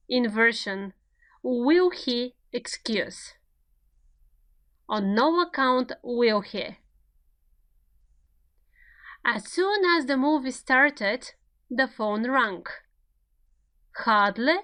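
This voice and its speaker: A woman delivers a recorded grammar lecture. She takes her time, speaking slowly and setting each example sentence out with care. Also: a little high, sharp tone. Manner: slow, deliberate, spelling out each example. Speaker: grammar teacher.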